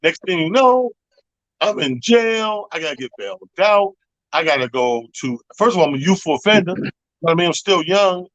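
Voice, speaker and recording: A man co-hosting a radio talk show, telling a profane, animated story in casual chat. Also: high-pitched, fairly quick, dry recording, dull audio. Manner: animated, profane, acts out other people's voices. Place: radio studio. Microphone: studio microphone.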